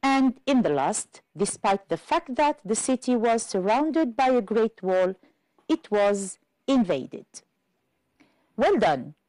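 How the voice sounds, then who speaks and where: A woman from Algeria teaching an English exam-prep lesson on television, explaining carefully and slowly. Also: fairly high pitch, big pitch swings, dark tone, dry recording, poor audio. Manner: slow, careful classroom explanation.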